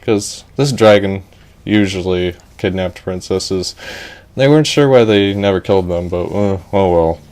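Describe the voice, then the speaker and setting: A man's voice: low-pitched, a little slow, a little mellow. A man improvising a goofy comic story in a rambling, offhand way, breaking off for asides.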